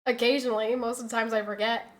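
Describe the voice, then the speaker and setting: A woman's voice: on the high side, little pitch movement, fast. A woman streamer chatting casually with her audience, telling exasperated stories about her pets and reading out messages from chat. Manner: chatty, exasperated storytelling, reads chat aloud.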